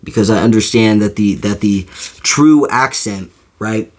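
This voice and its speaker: Rambling man with a slow, halting delivery. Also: on the low side, darkish tone. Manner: rambling, full of fillers and restarts. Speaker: video creator. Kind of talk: casual opinion monologue.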